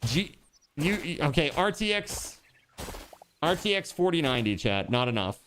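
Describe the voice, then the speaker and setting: A man streaming a game live, chatting casually with his viewers and thinking out loud. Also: fairly high pitch, sing-song, normal speed, a little hiss or hum. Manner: chatty, talks to chat, trails off and restarts. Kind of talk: casual live-stream chat while gaming.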